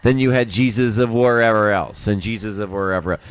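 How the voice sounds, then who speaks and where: A man's voice: fairly low pitch, fairly quick, slight background noise. A man hosting a casual live stream chat, telling rambling stories full of swearing and mock accents. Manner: rambling storyteller, swears a lot, mimics accents.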